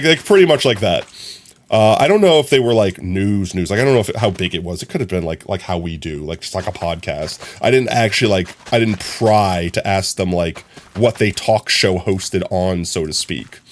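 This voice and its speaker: A young man chatting casually on his live stream, telling stories in an animated, rambling way full of fillers. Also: low voice. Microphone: streaming from a phone.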